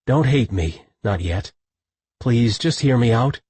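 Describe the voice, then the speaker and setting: A man voicing an anguished young male lover in an audiobook, with a husky voice. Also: medium pitch, animated, slow, a little mellow, no room sound. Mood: pleading. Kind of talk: audiobook narration.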